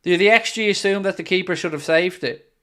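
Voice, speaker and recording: Irish male host, watchalong reactions, bursts into play-by-play, voice sits a bit high. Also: brisk, smooth. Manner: excitable, jumps into play-by-play shouts. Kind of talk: live match reaction commentary.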